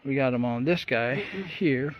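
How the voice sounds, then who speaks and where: Folksy rambling man, casual shop walkthrough, muffled lo-fi sound, loud roosters and traffic behind. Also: mid-range voice, normal speed. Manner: folksy, rambling, many fillers. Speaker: vlogger building a boat.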